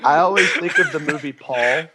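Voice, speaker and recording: A man's voice: a little high, moderate pace, crowd noise. A man on a casual podcast, giggly and playful. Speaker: podcast guest. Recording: noisy background.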